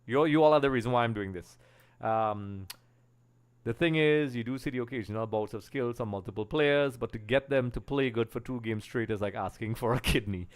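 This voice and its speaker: Male host, from Trinidad and Tobago, casual live-stream talk, mid-pitched and smooth. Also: a little fast. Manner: chatty, reads out viewer comments and greets them. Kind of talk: casual watch-along chat.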